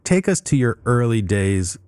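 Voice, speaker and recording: A man's voice: medium pitch, sing-song, measured pace, darkish tone, smooth, dry recording, clean studio sound. A man hosting an interview, asking questions and offering brief encouraging affirmations. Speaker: interview host. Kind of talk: radio interview.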